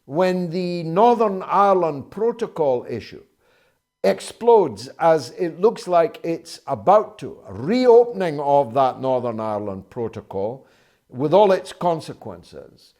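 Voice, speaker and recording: Male host, slow measured speech, fairly high voice. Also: very animated, darkish tone. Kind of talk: interview questions.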